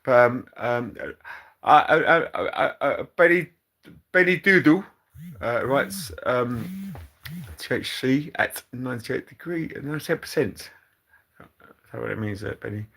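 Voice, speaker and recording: British guy rambling thru his live chat, lots of ums and restarts, mid pitch, kinda deadpan. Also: creaky, slightly rough. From Britain. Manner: rambling, halting, many fillers and restarts. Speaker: livestream host reading chat.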